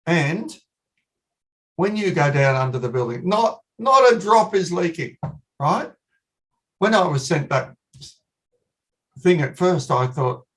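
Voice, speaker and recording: Australian man giving a relaxed technical talk. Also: on the high side. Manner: conversational, repeats key points for emphasis. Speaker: guest speaker, company managing director. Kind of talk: online technical presentation.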